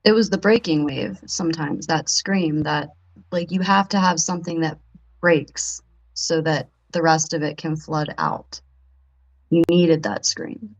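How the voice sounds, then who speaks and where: A woman's voice: low voice, steady tone, unhurried, low-quality recording. A woman co-hosting a podcast, adding brief supportive comments. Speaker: podcast co-host.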